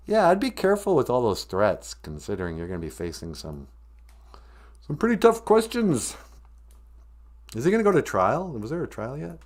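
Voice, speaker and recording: A man's voice: lowish voice, very animated, normal speed, pauses often. A man from northern Minnesota hosting a comedic live-stream podcast, joking and teasing. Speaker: podcast host.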